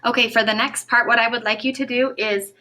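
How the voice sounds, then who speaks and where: A woman teaching a recorded phonics lesson to children, speaking clearly and encouragingly and stretching out the sounds of words. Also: on the high side, fairly even intonation, bright, forceful tone. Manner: slow, clear, encouraging classroom delivery.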